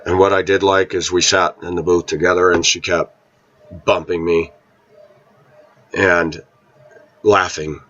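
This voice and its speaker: A man telling a story in casual, rambling talk, often clearing his throat and repeating himself. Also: sits low, little pitch movement, measured pace, pauses often, fairly bright tone, muffled recording.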